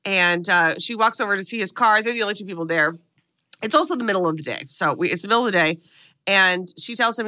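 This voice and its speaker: A woman's voice: medium pitch, fast, sharp tone. A woman co-hosting a podcast, recapping a movie in casual chat and swearing freely as she tells the story.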